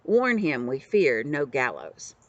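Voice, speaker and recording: A woman voicing a gruff, boastful male outlaw leader in a storybook reading, bossing everyone around in rough slang. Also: rumbling low, wildly swooping pitch, takes it slowly, dry recording, lo-fi sound, heavily acted. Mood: bossy. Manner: coarse old-fashioned slang, bossy.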